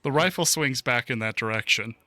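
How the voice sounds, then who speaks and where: A man narrating a tabletop game as game master in a relaxed, rambling way, full of fillers and dad jokes. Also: medium pitch, a little fast, dry recording.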